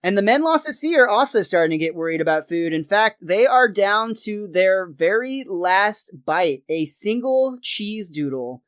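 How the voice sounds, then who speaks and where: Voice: medium pitch, no echo. A podcast co-host walks through a cartoon episode, telling it like a story and laughing along the way. The sound is dry and close, with no room around the voice. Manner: lively storytelling, laughs often, acts out quotes.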